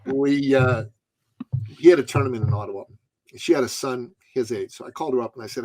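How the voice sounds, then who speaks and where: A middle-aged man, a podcast guest, tells a story with drama and laughter in an animated way. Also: mid-range voice, fairly quick.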